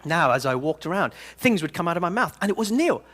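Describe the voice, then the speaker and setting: A man giving a live seminar talk to an audience in a room, telling stories in an animated, playful way. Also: on the high side, fast, a faint crowd, a little hiss or hum. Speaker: personal development speaker.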